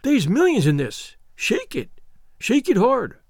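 A man voicing an excitable gold hunter who talks in a hoarse, urgent whisper and folksy slang. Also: high-pitched, normal speed, dry recording, studio quality, voice pushed up.

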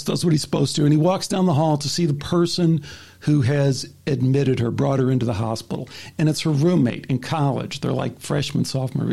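A man's voice: on the high side, vocal fry, mellow, husky. A man hosting a casual talk show, animatedly retelling a story and acting out the voices in it. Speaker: podcast host.

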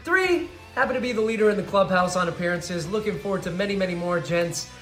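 A man's voice: high-pitched, animated, quick pace, a bit bright. Playful man in a roomy video message. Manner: playful, list-style delivery. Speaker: well-wisher in a video message. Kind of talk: recorded video greeting. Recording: roomy self-recorded video with faint music.

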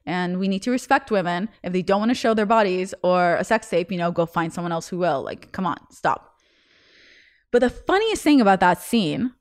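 A young woman hosting a podcast, telling a story in casual chat, with lots of "like" and frequent laughter. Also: medium pitch. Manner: chatty, fills speech with "like", laughs often. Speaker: podcast host.

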